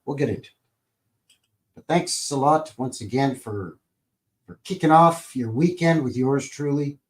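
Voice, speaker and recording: A man with a mid-range voice hosts a relaxed livestream. He rambles in a folksy, joking way and keeps calling out viewers by name. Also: medium pitch. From Calgary, Alberta, Canada. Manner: jokey, folksy, rambling, greets chat by name. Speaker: livestream host. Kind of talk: casual livestream chat.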